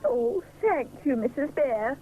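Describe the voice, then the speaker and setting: A fussy, excitable baker man who wails his exclamations in a high, swooping voice, as a woman narrator puts him on. The old TV soundtrack hisses underneath. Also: slow pace, creaky, narrow, tinny audio, heavily acted. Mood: flustered. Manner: flustered wailing exclamations. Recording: hissy 1970s TV soundtrack.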